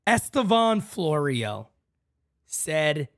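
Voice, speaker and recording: A man's voice: fairly high pitch, big pitch swings, drawn-out words, fairly bright tone, no echo. Ranting man podcast host, dry sound. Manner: heated, blunt, profane ranting; talks straight to listeners as "guys" and "folks". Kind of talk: fan rant podcast.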